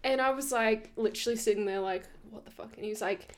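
A woman's voice: mid-range voice, quick pace, a little hiss or hum. A young woman, telling stories in a casual chat and laughing often. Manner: animated storyteller, laughs often.

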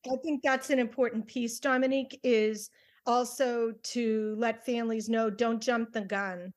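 A woman's voice: a little high, fairly even intonation, measured pace. A woman co-hosting a podcast, cautioning families in an advising tone. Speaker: podcast co-host, family recovery coach. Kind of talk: casual podcast discussion.

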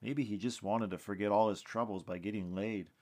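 Man reading fiction aloud, low voice. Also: fairly even intonation, brisk, darkish tone. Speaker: podcast host and storyteller.

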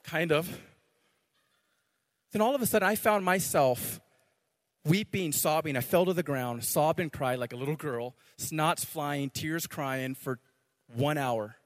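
A man preaching a sermon as pastor, animated, repeating words and swinging from loud to hushed. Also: medium pitch. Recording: long hall reverb.

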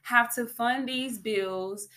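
Bright-voiced woman chatting with viewers. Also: fairly high pitch, takes it slowly. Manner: animated, chatty, addresses viewers as y'all. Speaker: faith vlogger. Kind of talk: casual testimony to viewers.

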